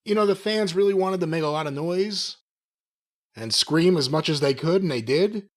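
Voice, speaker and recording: A man's voice: fairly high pitch, animated, moderate pace. A man co-hosting a podcast, laid-back and dry, answering in short quips. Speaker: podcast co-host. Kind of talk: casual chat.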